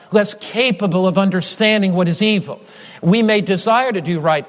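High-voiced, emphatic preacher. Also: male voice. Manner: measured, emphatic with repeated refrains. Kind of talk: sermon. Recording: long hall reverb.

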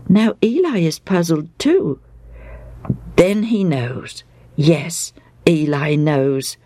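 A woman narrating a Bible story in a slow, hushed, dramatic storytelling manner. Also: low-pitched, lively intonation, faint music behind.

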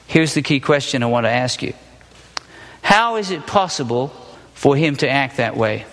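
A man's voice: high-pitched, sharp tone, in a large hall. A man teaching a Bible story as a sermon, asking the listeners questions and then answering them himself. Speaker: preacher teaching a Bible passage.

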